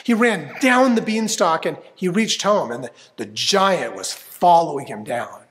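A man's voice: on the high side, expressive, a little slow, a bit bright, slight background noise. A man reading a fairy tale aloud expressively, inviting listeners to join in. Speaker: storyteller. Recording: long hall reverb.

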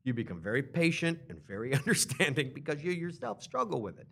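A man chatting casually, telling animated stories and mimicking other people, laughing often as he talks. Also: fairly high pitch, quick pace, creaky. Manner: animated storyteller, mimics others in put-on voices; laughs often while talking. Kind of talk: casual chat.

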